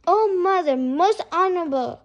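A woman's voice: high voice, brisk, highs cut off. A woman doing a breathless frantic little boy. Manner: urgent, breathless, shouting.

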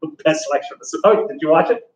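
An enthusiastic male history teacher with a fairly high voice talks his class through a lesson in a loose, joking way, with plenty of fillers. He sounds set back from the mic. The room around him is noticeably echoey. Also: fast, far from the mic. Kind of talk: casual classroom lecture.

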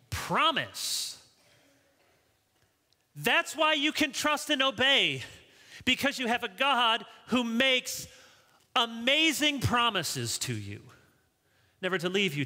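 A male pastor preaching a sermon in a church, animated, rising high when he voices pleas to Bible figures. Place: large church sanctuary. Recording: long reverb of a church hall.

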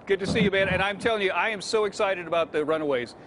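A man's voice: high voice, quick pace, a bit bright, a little hiss or hum. A man hosting a morning TV show, chatting enthusiastically in a buddy-like way. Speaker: morning TV host. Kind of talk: casual morning show chat.

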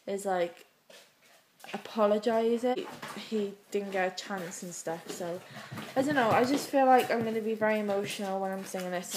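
A British woman talking straight to her viewers in a confessional vlog. She rambles in a heartfelt, emotional way, in a voice of ordinary middle pitch. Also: darkish tone, slight background noise, low-quality recording. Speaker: vlogger.

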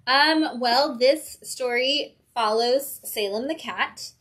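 A woman's voice: sits high, slow, a bit bright. A woman co-hosting a comics livestream from a comic book shop, chatting with enthusiasm. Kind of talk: casual chat.

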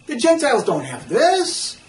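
A man teaching a church Bible class in an animated way, acting out quotes and often restarting his sentences. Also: very high-pitched, a little slow. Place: church meeting room. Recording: echoey room, distant mic, faint noise.

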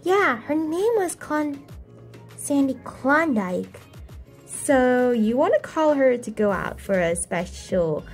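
A woman's voice: sits high, sing-song, takes it slowly, soft background music. A young woman playing out a toy story, doing every figure herself in shifting voices. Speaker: toy play video maker. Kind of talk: toy role-play with many voices.

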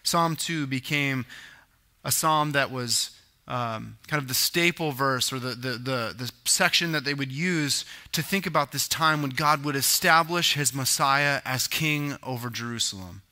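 Male pastor, sermon, chatty teaching tone with asides, bright and forceful. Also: medium pitch, measured pace. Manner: conversational teaching with asides and self-corrections.

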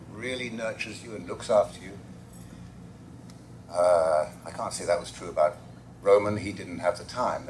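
A man's voice: deep voice, a little mellow, slight background noise. An English man on a convention panel, telling anecdotes in a reflective, wry, self-deprecating way.

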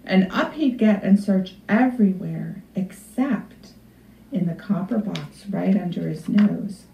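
A woman librarian reading a storybook aloud to children in an expressive, unhurried way. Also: medium pitch, creaky. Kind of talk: storybook read-aloud for kids. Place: library room. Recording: echoey room, far from mic, dull.

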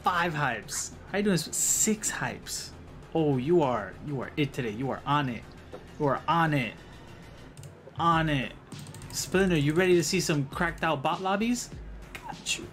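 A man's voice: fairly high pitch, expressive, measured pace, fairly bright tone. Hyped male streamer over music. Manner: hyped, repetitive greetings. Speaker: game streamer. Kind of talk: live-stream commentary.

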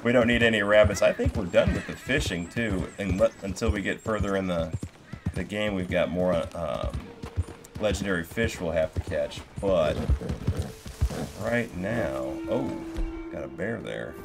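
A laid-back man streams a game live, chatting into a headset and thanking viewers as he plays. His voice sits low and deep. Game music runs clearly underneath. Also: normal speed. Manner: easygoing, thanking viewers as they go. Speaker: gaming streamer. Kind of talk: live gameplay commentary. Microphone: gaming headset. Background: game music and hoofbeats.

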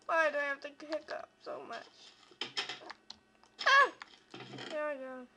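A woman giving casual gameplay commentary while she keeps hiccuping, talking in halting, self-interrupting bursts. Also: sits high, very animated, very noisy.

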